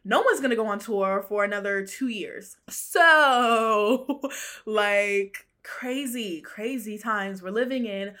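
Female solo podcast host with a bright, forceful voice, gossipy and chatty, quick to laugh and say honey. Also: medium pitch. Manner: chatty, slangy, laughs often, calls listeners honey. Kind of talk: casual solo pop-culture chat.

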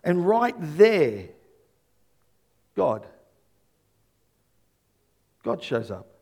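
A male pastor preaching an animated sermon, telling stories and rising to loud bursts. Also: a little high.

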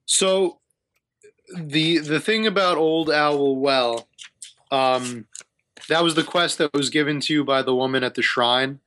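A man running a tabletop game as game master, explaining quests while thinking aloud with many pauses. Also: fairly high pitch, a bit bright, a little hiss or hum. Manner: hesitant, thinking aloud with fillers.

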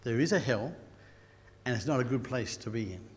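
An Australian man preaching a sermon, telling stories and rising to loud bursts. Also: mid-range voice, expressive, fairly quick. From Queensland, Australia. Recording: long hall reverb.

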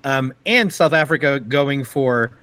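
A man co-hosting a podcast, talking sports in a casual, excited way, halting often with fillers and restarts. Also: medium pitch, poor audio. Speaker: podcast co-host.

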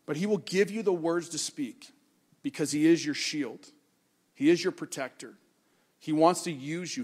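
A man preaches with earnest warmth of conviction, recounting a personal encounter in easy conversational speech. His voice sits a little high for a man, and he draws out key words to drive a point home. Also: slightly rough. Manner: earnest, conversational storytelling, slows down for emphasis. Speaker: pastor. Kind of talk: sermon-style personal story and exhortation.

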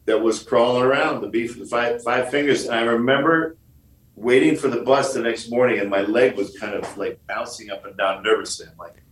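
A man's voice: mid-range voice, fairly even intonation, brisk, reverberant, distant mic, slight background noise, rough recording. A man from Michigan, a guest on a podcast interview, telling stories in a jokey way and acting out the lines he quotes. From Michigan, USA.

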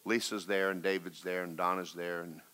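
Speaking in a low voice with a level tone and moderate pace, this pastor tells a personal story during his sermon. He alternates between loud, urgent exhortation and quiet, hushed recollection.

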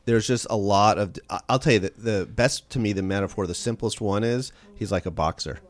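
Animated male author on a radio interview. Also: fairly low pitch, no echo. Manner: animated, quick storytelling with restarts. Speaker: author guest.

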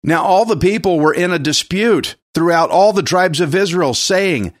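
A man with a fairly high voice teaching from scripture in a conversational sermon. He speaks plainly and keeps checking in with the congregation. The recording is dry and close, with no room echo. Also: normal speed. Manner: conversational, plainspoken, asks the listeners questions. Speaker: pastor. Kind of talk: expository Bible teaching sermon.

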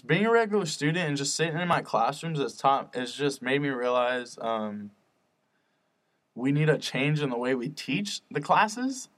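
A man's voice: medium pitch, animated, normal speed, a bit bright. A young man hosting his own podcast, rambling and swearing often, earnest and fired up about spreading positivity. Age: young adult. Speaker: podcast host. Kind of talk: casual solo podcast rant.

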